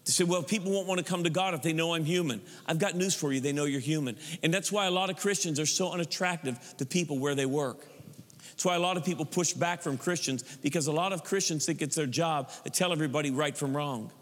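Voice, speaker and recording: A man preaching a sermon as pastor, animated, now and then mocking stiff churchy prayer voices. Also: fairly high pitch, quick pace, big-room sound.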